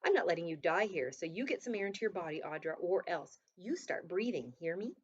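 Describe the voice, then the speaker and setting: A stern young man in an audiobook talks in an urgent, scolding way, as a woman narrator puts him on. The voice sits low and muffled. The recording is dull and lo-fi. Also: animated, a little fast, breathy edge. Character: stern young man pulling a friend to safety.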